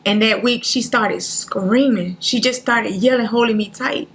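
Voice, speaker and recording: A woman, a guest on a talk show, telling a painful personal story in an earnest, halting way, near tears, acting out what others said. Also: on the high side, a bit bright, slight background noise. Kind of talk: emotional personal story in interview.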